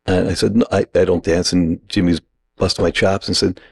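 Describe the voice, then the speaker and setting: A middle-aged man from New York, casually telling a lively anecdote and acting out the quoted lines. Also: low voice, brisk, gravelly, slightly rough, no room sound. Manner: animated anecdote-teller, acts out quoted lines. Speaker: guest. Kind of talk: casual storytelling.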